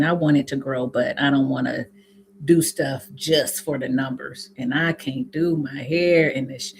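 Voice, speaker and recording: A middle-aged woman from Indiana, with an Indiana accent and some Southern sayings, chatting in a rambling way with her viewers on a livestream and often laughing at herself. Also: deep voice. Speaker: natural hair YouTuber hosting a livestream. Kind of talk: casual livestream chat with viewers.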